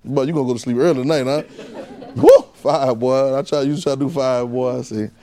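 A fast-talking preacher with a medium-pitched voice keeps a steady tone through his sermon. He fires off rhetorical questions to the congregation, shifting between loud exclamations and quiet asides.

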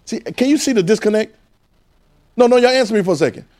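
A man's voice: high-pitched, animated, fast, a little mellow. A man with a Southern US accent preaching a sermon in a casual, coaxing call-and-response style.

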